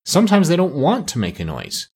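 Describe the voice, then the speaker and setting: A clever, bossy female parrot with a high, chirpy voice that swoops up and down as she lectures, as a man puts her on. Her tone is a little husky under the brightness, a storybook bird full of pride. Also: huge pitch swings, fairly quick, heavily acted. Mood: lecturing.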